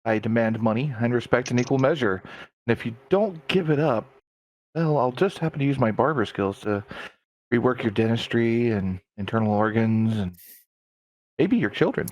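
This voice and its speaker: A man's voice: mid-range voice, animated, normal speed, a little mellow, no echo, lightly acted. A man puts on a greedy barber villain for a tabletop game, with a grandiose, threatening manner. His lines boast and promise grisly harm. The sound is dry and close. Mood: menacing.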